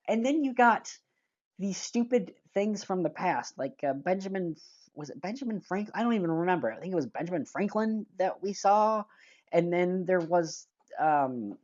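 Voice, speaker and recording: Low-voiced woman, casual movie reviewer, blunt and rambling, slightly dull lo-fi sound. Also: a little mellow. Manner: blunt and rambling, sighs, gropes for names.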